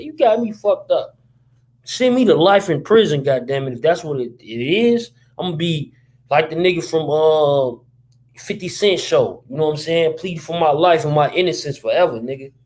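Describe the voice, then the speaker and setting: A man's voice: a little high, darkish tone. A man hosting his channel, giving casual live reaction commentary and talking straight to his viewers. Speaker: channel host reacting to a clip.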